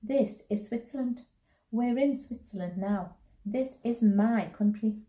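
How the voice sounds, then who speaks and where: A woman reading aloud, voicing a kindly country woman who speaks softly, slowly and comfortably. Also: on the high side, lightly acted. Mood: comfortable. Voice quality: soft. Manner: slow and comfortable. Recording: roomy echo.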